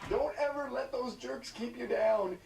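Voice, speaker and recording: A man's voice: extremely high pitch, unhurried, gravelly, a little mellow, reverberant, recorded from a distance, a little hiss or hum, voice pushed up, full character voice. A man voicing a preachy, encouraging male tech mogul. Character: upbeat male tech billionaire.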